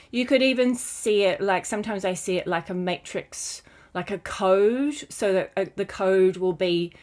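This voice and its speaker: A woman with a New Zealand accent, a spiritual guide talking casually in a rambling, dreamy way with many fillers. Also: mid-range voice. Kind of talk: casual spiritual vlog talk.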